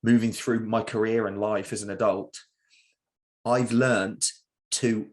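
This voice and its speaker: A man with a Birmingham accent hosts a relaxed podcast conversation. His voice sits fairly low, and he talks in a chatty, reflective way, dropping in a friendly "mate". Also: a little slow. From Birmingham, England. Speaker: podcast host. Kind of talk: casual interview chat.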